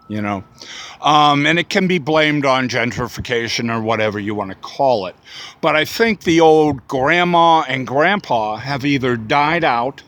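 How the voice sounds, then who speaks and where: Slow-talking man musing aloud. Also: mid-range voice, fairly bright tone. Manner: rambling, many fillers and restarts. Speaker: vlogger. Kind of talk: casual spoken reflection.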